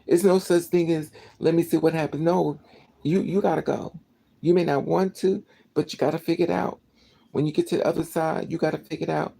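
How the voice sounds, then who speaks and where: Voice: mid-range voice, steady tone, a little fast, vocal fry, warm tone, poor audio. A vlogger telling a story as a casual rant, emotional and indignant, repeating phrases for emphasis.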